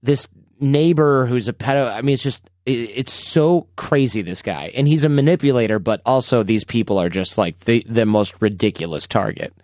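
A man's voice: medium pitch, normal speed, darkish tone, dry recording, studio quality. A man hosting a podcast, chatting casually and telling stories animatedly. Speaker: podcast host.

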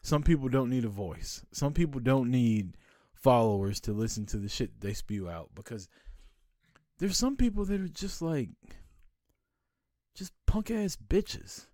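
A man's voice: mid-range voice, very animated, moderate pace, dark tone, dry recording, studio quality. Blunt, profane man hosting a podcast. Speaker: podcast co-host. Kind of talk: casual podcast banter. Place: home podcast studio.

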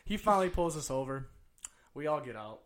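Man in his twenties, rapid delivery, casual storytelling, profane and rowdy. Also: on the high side, very animated, a bit bright. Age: 20s. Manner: rowdy, profane, laughing often.

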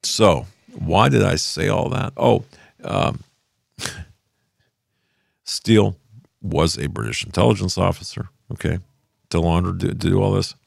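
A man's voice: sits low, slow pace, gravelly, long pauses, dry recording. An older man hosting a rambling political commentary monologue from his home office studio, often losing his thread and picking it back up.

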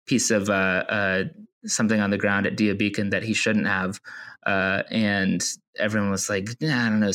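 Man rambling through a deadpan tall tale. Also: on the low side. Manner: rambling deadpan storytelling with many fillers. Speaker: podcast co-host. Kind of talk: casual comedic chat.

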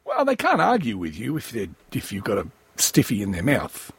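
A man's voice: medium pitch, wildly swooping pitch, normal speed, husky, no room sound. A man hosting a comedy podcast, riffing crudely and sardonically on a news story, wheezy and coughing often. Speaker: podcast host.

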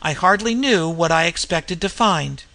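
A narrator reading a first-person ghost story in a measured, tense way. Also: medium pitch, lively intonation, pushed and bright. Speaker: audiobook narrator.

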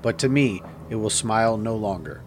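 A man's voice: on the low side, animated, moderate pace, darkish tone, slight background noise, natural voice. A man playing a fiendish stranger who speaks in theatrical, menacing old-fashioned declamation. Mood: brooding lament. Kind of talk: audiobook character reading.

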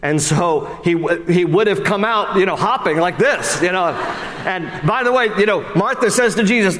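A man preaching a sermon in a casual, conversational way, climbing high and emphatic, then dropping low and hushed. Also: normal speed, long reverb tail. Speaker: pastor. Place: church sanctuary.

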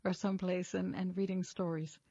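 A woman's voice: on the low side, flat delivery, a little fast, dark tone, no echo, highs cut off. A woman podcast host thanking her guest in an effusive, appreciative way. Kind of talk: interview wrap-up.

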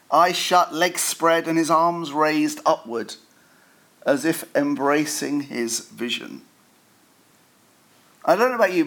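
A man's voice: fairly high pitch, a bit bright. Chatty man preaching a sermon. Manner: conversational, self-deprecating asides with frequent fillers and restarts. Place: church service.

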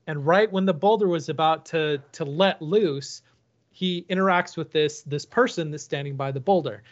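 A man's voice: on the high side, moderate pace, dull audio. A man hosting a podcast who tells stories in a casual, rambling way and often laughs. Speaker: podcast host. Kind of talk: casual chat.

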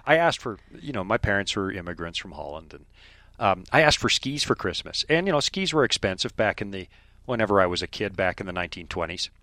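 A man's voice: lowish voice, dry recording. A middle-aged man from Canada, hosting a radio program and telling stories in casual chat. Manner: animated storyteller, quick and lively. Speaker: radio host.

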